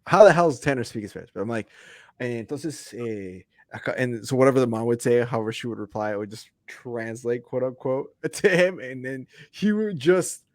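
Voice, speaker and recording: A man's voice: medium pitch, animated, brisk, few pauses, dry recording. A man hosting a podcast, telling stories in a laid-back way and laughing as he goes. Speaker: podcast host. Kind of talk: casual storytelling chat.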